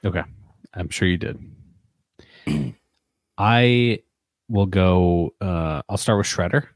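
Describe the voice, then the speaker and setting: A man co-hosting a podcast in relaxed chat, reading out quotes with small chuckles. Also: low-pitched, a little slow, long pauses, dry recording, studio quality. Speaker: podcast co-host.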